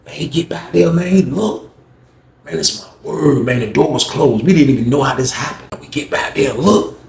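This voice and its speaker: A young man telling a story casually, animated, slangy and profane. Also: on the high side, moderate pace, creaky. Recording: roomy echo, faint background noise.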